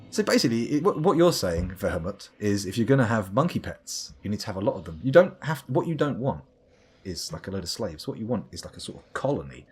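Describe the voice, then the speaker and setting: A man's voice: on the low side, husky. A man from the UK streaming a game live, rambling and theatrical, swearing and talking to the boss. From United Kingdom. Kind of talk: live gameplay commentary.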